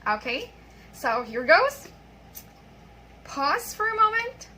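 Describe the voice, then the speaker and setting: A woman teaching an online English pronunciation lesson, patiently reading example sentences and repeating them slowly. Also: extremely high pitch, big pitch swings, bright, forceful tone, a little hiss or hum, poor audio.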